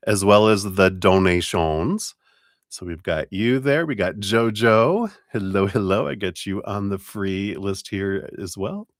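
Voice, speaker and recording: Male stream host, very low voice, friendly and thankful, dry close sound. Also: dry recording. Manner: friendly, greets viewers by name, thankful. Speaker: tarot reader and live stream host. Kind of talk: casual live-stream chat.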